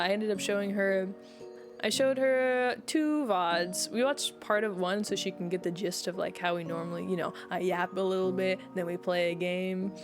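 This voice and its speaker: Rambling heartfelt young woman streamer. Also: mid-range voice. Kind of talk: casual chat with viewers.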